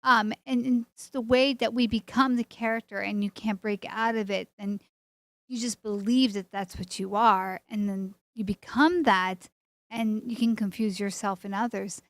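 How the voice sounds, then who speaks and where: A woman's voice: mid-range voice, steady tone, normal speed, no echo. A woman co-hosting an interview, talking enthusiastically and rambling through her points. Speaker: co-host. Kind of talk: casual interview chat.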